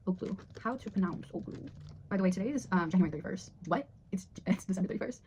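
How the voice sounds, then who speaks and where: A woman's voice: medium pitch, animated, fast talker, a little mellow, slight background noise. A young woman vlogger rambling through her year in a casual, chatty way, swearing freely. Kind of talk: casual year-in-review chat.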